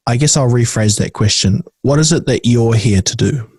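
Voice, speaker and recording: A man's voice: medium pitch, normal speed, darkish tone, breathy edge, dry recording. A man hosting a casual interview, encouraging and prompting his guest. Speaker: podcast host.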